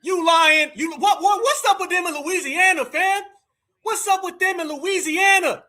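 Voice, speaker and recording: Loud, very high, bright-voiced male host. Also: moderate pace. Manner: loud, mocking, often shouting. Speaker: livestream host reacting to a clip. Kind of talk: heated commentary.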